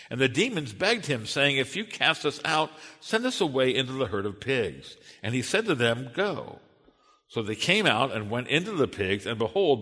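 A man preaching a sermon and reading scripture aloud in an earnest, measured way. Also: mid-range voice, fairly bright tone, big-room sound. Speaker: pastor.

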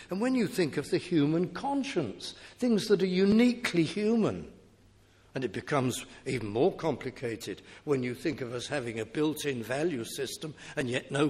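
A man delivers a sermon in an earnest, rhetorical way, his slightly high voice rising and falling as he poses questions to the congregation. The sound carries a long reverb, as in a large church hall. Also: a little mellow. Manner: earnest, rhetorical questions, swells and drops in volume. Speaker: preacher.

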